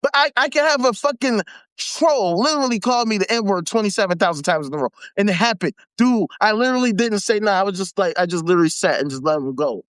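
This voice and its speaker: A man's voice: high-pitched, lively intonation, fast talker, fairly bright tone, no room sound. A man hosting a live stream, ranting angrily and sarcastically with heavy swearing. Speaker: livestream host. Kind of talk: angry profane rant.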